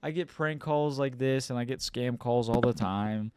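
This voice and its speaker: A man's voice: mid-range voice, normal speed, a little mellow, clean tone, no echo. A young man co-hosting a podcast, telling a rambling story in casual chat, swearing often and mimicking people as he goes. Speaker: podcast co-host.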